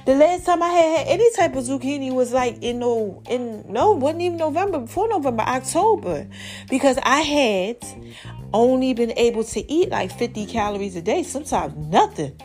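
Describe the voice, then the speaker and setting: A woman's voice: high voice, moderate pace, soft background music. A woman hosting her own podcast, talking casually and playfully to her followers with lots of exclamations. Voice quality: animated, talkative, playful exclamations. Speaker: podcast host.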